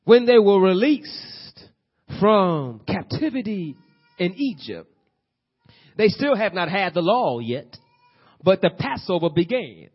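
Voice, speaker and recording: A man preaching a sermon, building to loud bursts and asking the congregation questions. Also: sits high, big pitch swings, slow pace, breathy edge, dull audio. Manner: preaching with rising bursts and call-and-response questions. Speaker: pastor.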